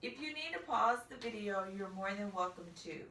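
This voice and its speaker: A woman teacher giving a recorded phonics lesson for children, speaking slowly and deliberately, stretching and repeating sounds. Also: mid-range voice, animated, sharp tone, distant mic. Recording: echoey room, voice off-mic, faint hiss.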